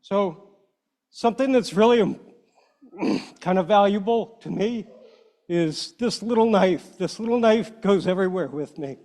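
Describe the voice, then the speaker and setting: A man addressing a public meeting as a panel member, earnest and a little halting, emotional as he speaks. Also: high-pitched, a little mellow. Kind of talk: heartfelt speech at a meeting. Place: meeting room.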